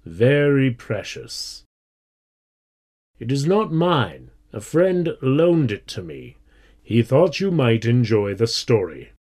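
A man voicing a strict, stern male schoolteacher in a storybook reading, speaking in measured tones. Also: mid-range voice, very animated, a little mellow, full character voice.

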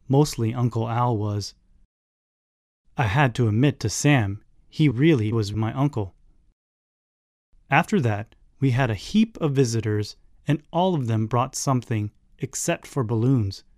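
A man reading a children's story aloud, in a measured, expressive way. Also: mid-range voice, dry recording, studio quality. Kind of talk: scripted narration of a children's story.

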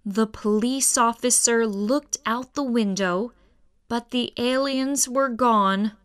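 A woman reading a children's story aloud in a careful, expressive way. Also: a little high, slow, clear, resonant tone.

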